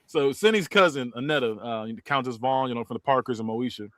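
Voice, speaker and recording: A podcast host casually recaps a movie in a slightly fast, somewhat bright male voice with no echo. He laughs often and acts out the lines, making big pitch jumps when he quotes them.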